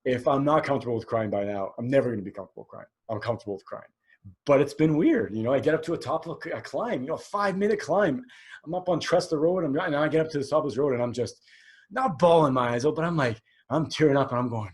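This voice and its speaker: A man's voice: mid-range voice, quick pace, a little mellow. A man in his forties hosting a solo podcast, talking candidly and rambling, with many fillers and restarts. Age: 40s. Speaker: podcast host.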